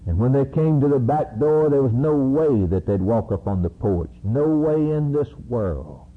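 A man preaching a sermon slowly and emphatically, climbing to high, ringing peaks. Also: expressive, husky. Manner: slow, emphatic preaching that rises to high-pitched climaxes. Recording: narrow, phone-like recording.

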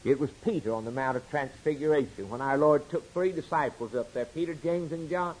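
A man preaching a sermon in a fairly high, husky voice. He swings between loud, emphatic declarations and quiet, intimate asides. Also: brisk, low-quality recording.

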